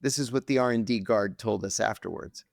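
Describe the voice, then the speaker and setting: A man's voice: fairly low pitch, fairly quick, vocal fry, dry recording, studio quality. A man telling a story as a podcast guest, dramatically acting out the voices he quotes. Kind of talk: animated storytelling.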